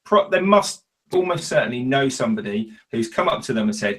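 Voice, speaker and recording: A man's voice: mid-range voice, animated, brisk. A man hosting a podcast, chatting casually with many restarts and acted-out quotes. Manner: hesitant, restarts, acts out quoted customers. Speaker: podcast host.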